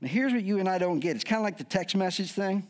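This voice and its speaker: Lively joking pastor preaching a sermon. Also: male voice, high-pitched, quick pace. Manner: lively, joking, acts out quoted voices.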